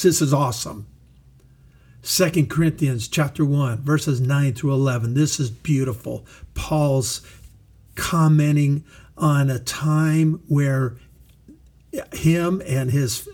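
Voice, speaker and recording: A middle-aged male pastor delivering a sermon in a fairly high voice. He speaks slowly and emphatically, leaning on repeated phrases to drive each point home. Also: a little mellow.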